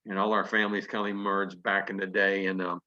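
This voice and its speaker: A man telling a folksy story to an audience, lively and chuckling as he acts out what people said. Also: sits low, a little fast. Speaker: business testimonial speaker. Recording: dull lo-fi conference call audio.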